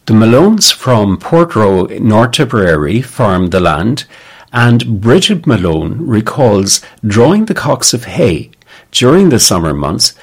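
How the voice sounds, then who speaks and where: Husky-voiced male documentary narrator. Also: mid-range voice. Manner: measured, introduces each speaker. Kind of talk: scripted narration.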